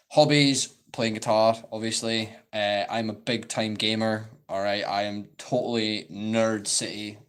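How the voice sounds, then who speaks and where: A man's voice: lowish voice, a bit bright, smooth. A Scottish man in his twenties chatting casually on a live-stream Q&A, rambling and saying "like" a lot.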